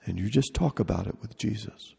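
A man leading a retreat, speaking slowly and deliberately in short repeated phrases. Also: lowish voice, expressive, creaky, warm tone, breathy edge. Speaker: retreat leader. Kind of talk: retreat talk on prayer. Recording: long reverb of a large hall.

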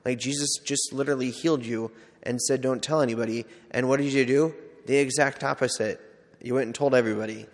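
A man's voice: mid-range voice, fairly even intonation, brisk. A man speaking as a priest, sharing a personal story in a loose, conversational way. He pokes fun at himself and slips into quoted asides. His mid-range voice rings out with a long reverb, as if from a large church or hall. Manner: conversational, self-deprecating storytelling with many "like"s. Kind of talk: personal testimony talk.

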